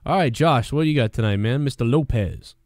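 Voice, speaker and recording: A man's voice: mid-range voice, brisk, a little mellow, a little hiss or hum. A man hosting a live call-in review show, chatting casually and rambling through stories with lots of swearing. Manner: rambling, profane, storytelling.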